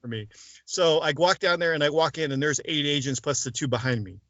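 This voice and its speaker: A man's voice: on the high side, a little fast, no room sound. Man telling his story, dry dull sound. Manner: animated storyteller acting out quoted voices. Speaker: interview guest, former mobster turned informant. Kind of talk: casual storytelling interview.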